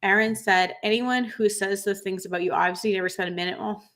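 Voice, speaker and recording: A woman in her thirties hosting a livestream, tearful after crying, reading viewer comments in an earnest, halting way with many fillers. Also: mid-range voice, steady tone, fairly bright tone. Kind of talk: emotional livestream chat.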